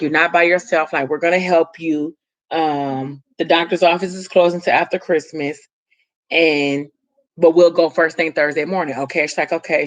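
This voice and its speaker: A vlogger speaking straight to viewers, retelling a story in a loose, chatty way. The talk wanders, with fillers and side comments along the way. The voice sits at an ordinary middle pitch. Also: fairly bright tone. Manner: rambling, loose retelling with many fillers and asides. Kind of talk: casual story recap to viewers.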